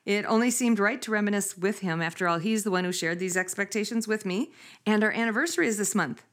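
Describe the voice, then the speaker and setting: A woman in her fifties hosts a casual chat, telling stories with laughter and acting out quotes in an animated way. Her voice is medium-pitched and fast.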